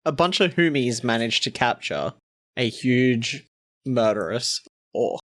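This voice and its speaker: A man co-hosting a podcast in a relaxed chat, cutting in with dry, teasing remarks. His voice is of average pitch. It is recorded close and dry. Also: unhurried, no echo. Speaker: podcast co-host. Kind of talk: casual chat.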